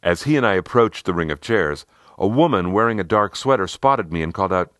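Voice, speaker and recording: A man narrating a scripted workplace story in an expressive storytelling manner. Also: deep voice, brisk, no echo, clean studio sound. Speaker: narrator and leadership consultant.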